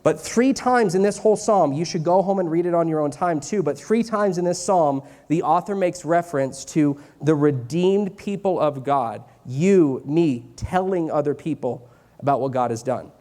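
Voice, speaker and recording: Young guy in his twenties preaching to a youth group, chatty, says the big lines twice, kinda high but mellow voice. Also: moderate pace. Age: 20s. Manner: conversational preaching, repeats key lines for emphasis; joking asides, drops into a mock Southern voice for church sayings. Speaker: youth pastor. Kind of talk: sermon.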